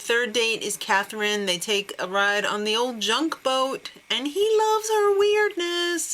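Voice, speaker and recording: Snarky woman recapping a tv show, talks slow, bright sharp voice, keeps laughing. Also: medium pitch. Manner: sarcastic, laughs often. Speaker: TV recap host. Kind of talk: casual TV recap commentary.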